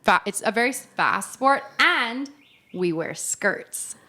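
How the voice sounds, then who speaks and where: Animated Australian woman telling stories. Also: fairly high pitch, slow pace. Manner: animated storytelling, acts out quoted voices, laughs often. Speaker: podcast co-host. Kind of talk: casual chat.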